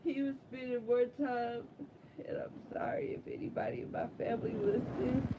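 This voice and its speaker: A woman vlogger telling a painful personal story in a raw, halting way, often repeating herself. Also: fairly high pitch. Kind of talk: emotional confessional storytelling. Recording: muffled lo-fi with faint background noise.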